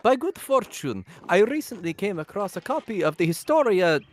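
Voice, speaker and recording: A man's voice: high voice, big pitch swings, normal speed. A man voicing a genteel, gossipy middle-aged nobleman who loves art, in a live voice-over of game dialogue.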